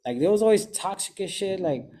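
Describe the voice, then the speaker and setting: A man's voice: high-pitched, expressive, a little fast, warm tone. A young man talking casually and candidly about his recovery, in rambling slangy speech full of "you know". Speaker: recovering addict sharing his story.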